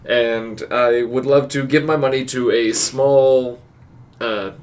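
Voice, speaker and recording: A man's voice: mid-range voice, fairly even intonation, slow, far from the mic. A man co-hosting a casual podcast, rambling through his thoughts with many ums and restarts. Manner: rambling, filler-heavy, stops and restarts. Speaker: podcast co-host. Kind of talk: casual chat.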